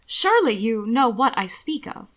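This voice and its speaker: A woman's voice: fairly high pitch, sing-song, normal speed. A woman doing an eager, gossipy society lady. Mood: coaxing, gossipy. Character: chatty gossiping noblewoman and mother.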